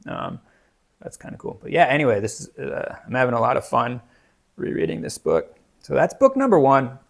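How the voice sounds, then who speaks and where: A man's voice: medium pitch, wildly swooping pitch, normal speed, creaky. A man chatting casually about books, rambling with many fillers and restarts. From United States. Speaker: book reviewer. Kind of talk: casual book chat.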